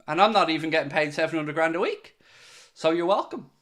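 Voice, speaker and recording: Irish male fan-channel host, casual solo commentary, wry and sarcastic, voice sits a touch high. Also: a little fast, a bit bright. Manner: playful, sarcastic, mock-serious pitching.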